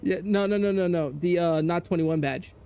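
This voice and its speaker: Animated, foul-mouthed male streamer. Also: normal speed, vocal fry, clear, resonant tone, soft background music. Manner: animated, profane, swings between loud outbursts and low mutters. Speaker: gaming streamer. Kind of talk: casual storytelling while streaming a game.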